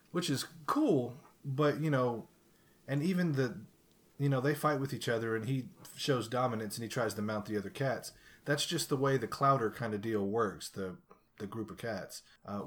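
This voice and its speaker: A man casually telling a profane, animated story in a chat, laughing along as he goes. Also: fairly low pitch.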